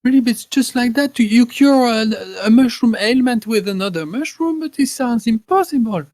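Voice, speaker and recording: An excitable young girl gasps out her disbelief in a very high, breathless voice, as a man puts her on in a tabletop game. The sound is dry and close. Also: normal speed, no echo. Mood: amazed.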